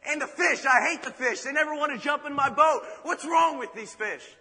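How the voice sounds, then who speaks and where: A man's voice: very high-pitched, moderate pace, bright, forceful tone, in a large hall, pitched above the performer's own voice, heavily acted. A man voicing a tired, frustrated fisherman who grumbles and complains in exasperated outbursts. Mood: grumbling.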